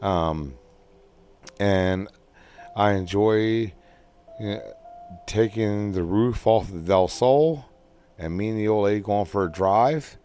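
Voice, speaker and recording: A man's voice: lowish voice, takes it slowly, pauses often, warm tone, faint music behind. A man talking casually and at length about his everyday life, rambling with frequent ums and restarts, and he has the hiccups. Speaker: podcast host. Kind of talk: casual personal monologue.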